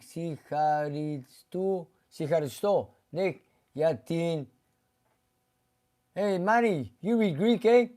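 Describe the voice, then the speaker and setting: A man's voice: a little high, mellow. A man hosting a casual live stream from a garage, reading viewer comments aloud and chatting about them, sometimes slipping into Greek. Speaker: host reading live chat. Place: car garage shop.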